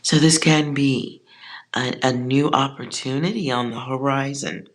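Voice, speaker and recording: A tarot reader giving a casual collective reading, blunt and joking, with slangy asides and soft whispered side remarks. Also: mid-range voice, unhurried.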